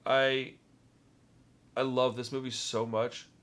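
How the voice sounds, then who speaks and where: A man's voice: medium pitch, flat delivery, slow pace, a bit bright. A man with a Texan accent hosting a casual movie-ranking vlog, talking with rambling enthusiasm and often repeating words. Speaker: movie review vlogger.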